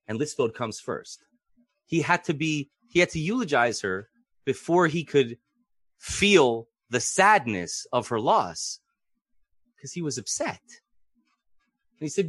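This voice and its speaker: Animated, theatrical male Bible teacher. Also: fairly high pitch, takes it slowly, long pauses, husky, no room sound. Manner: theatrical, questioning, acts out quotes. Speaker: Torah teacher.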